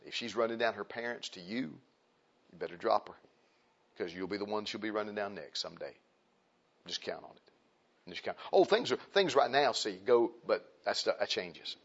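A man preaches in a plain, conversational way, driving points home by repeating himself. He rises loud and high for emphasis, then drops to quiet, low asides. His voice sits at an ordinary middle pitch on a dull, lo-fi recording. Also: expressive, moderate pace, vocal fry, breathy edge. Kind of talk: conversational sermon.

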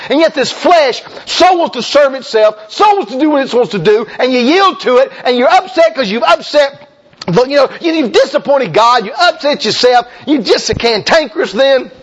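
A man preaching a sermon, folksy and emphatic, with sudden shouts and slow drawn-out lines. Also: sits high, big pitch swings, husky, lo-fi sound.

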